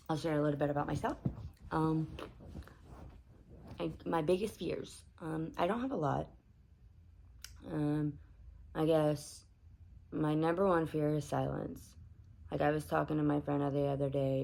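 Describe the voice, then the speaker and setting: Woman vlogger, low voice, heavy fry, husky, candid rambling bedtime chat. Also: normal speed, pauses often, darkish tone, poor audio. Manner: rambling, candid, self-talk with many fillers. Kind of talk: casual bedtime talk to camera.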